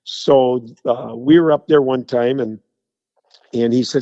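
A middle-aged man, a radio guest telling animated anecdotes in casual chat. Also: medium pitch, measured pace, dry recording. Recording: slightly dull, dry sound.

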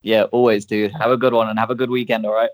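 A man's voice: fairly low pitch, little pitch movement, fast talker, no echo. A man hosting a casual podcast, chatty with lots of fillers and laughter. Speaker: podcast host.

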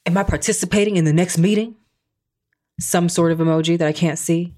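A woman with a lowish voice co-hosting a chatty podcast. She reads text messages aloud with heavy sarcasm and mockery, slipping into casual commentary between them. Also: lively intonation, moderate pace, pauses often, darkish tone. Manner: sarcastic, mocking. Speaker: podcast co-host. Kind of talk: casual chat, reading texts aloud.

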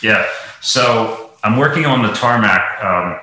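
A golf professional from Lancaster, Pennsylvania, appearing as a podcast guest, tells a long casual story, rambling with lots of "you know" fillers. His voice is lowish and sharp in tone, with lively intonation and a slow pace. The room is very echoey.

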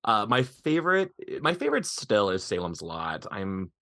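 A man from Eastern Montana, a podcast guest and author, chatting casually and animatedly, laughing often and talking in quick bursts. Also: fairly low pitch, big pitch swings, sharp tone, no echo, clean studio sound.

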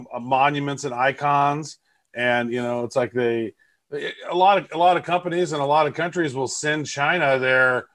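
A man's voice: fairly high pitch, fairly bright tone. A man co-hosting a casual podcast, chatty and rambling with fillers. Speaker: podcast co-host. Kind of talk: casual chat.

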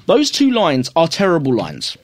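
A man's voice: fairly high pitch, huge pitch swings, moderate pace, dry recording, clean studio sound. A man co-hosting a casual film review podcast, rambling, swearing and laughing at his own jokes. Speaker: podcast co-host.

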